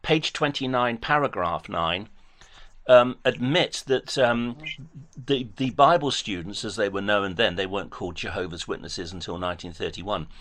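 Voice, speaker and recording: A man's voice: fairly low pitch, normal speed, a bit bright. A man on a phone debate, talking formally and precisely, citing dates and page numbers carefully. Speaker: caller.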